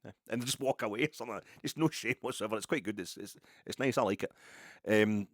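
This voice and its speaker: Man, Scottish accent, low voice, dry recording, digressive casual storytelling. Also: quick pace, no echo. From Ayrshire, Scotland. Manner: rambling, digressive storytelling with many restarts. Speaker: football podcaster. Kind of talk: casual monologue.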